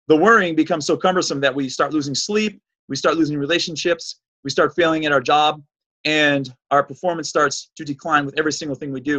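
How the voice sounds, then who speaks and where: Emphatic higher-pitched man ranting. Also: pushed and bright, rough recording. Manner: emphatic, preachy, repetitive. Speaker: fitness show host. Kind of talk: opinionated solo monologue.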